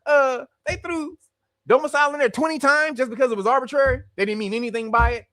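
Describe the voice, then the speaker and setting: A man playing a skeptical judge who pitches his voice up high and stretches each question out in mocking disbelief. The sound is close and dry, with no room around it. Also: fast, fairly bright tone, no echo. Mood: incredulous. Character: incredulous middle-aged male judge, skeptical.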